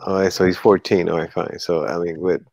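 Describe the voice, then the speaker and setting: A man with a very deep, gravelly voice talks bluntly in a casual voice chat, full of fillers and restarts. The sound is dry and close, with no room around it. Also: level tone, brisk, darkish tone, no room sound. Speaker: group member.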